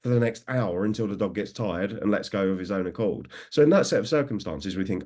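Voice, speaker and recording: A man's voice: on the low side, expressive, brisk, hardly any pauses, darkish tone. A man in his thirties, a dog trainer, talking enthusiastically in a conversational interview and acting out what others said. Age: 30s. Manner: enthusiastic, acts out quoted remarks.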